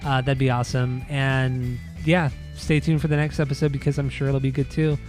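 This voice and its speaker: A man's voice: medium pitch, flat delivery, brisk, darkish tone, faint music behind. A man co-hosting a casual podcast, joking and teasing, laughing often. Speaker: podcast co-host. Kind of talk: casual chat.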